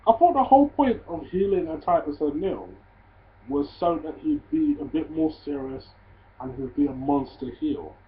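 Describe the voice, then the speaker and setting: A man casually reviewing a wrestling show, swearing freely and ranting in loud disbelief. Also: a little high, expressive, normal speed. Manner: profane, ranting, gets loud and incredulous. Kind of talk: casual solo review vlog. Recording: tinny phone-like audio.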